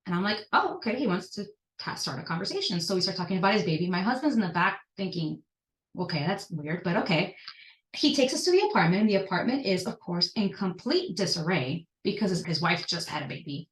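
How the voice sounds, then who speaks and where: A woman in her thirties telling personal stories as a podcast guest, animated and jumping up in pitch when she stresses a point. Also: quick pace. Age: 30s. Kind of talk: personal storytelling in conversation. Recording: echoey room.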